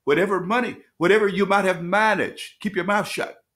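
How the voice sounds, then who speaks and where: Preaching pastor, slow emphatic scripture reading. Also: male voice, sits high, steady tone, a bit bright. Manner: preacherly, repeats and restates phrases; reads scripture slowly with rising emphasis. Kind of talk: bible study teaching.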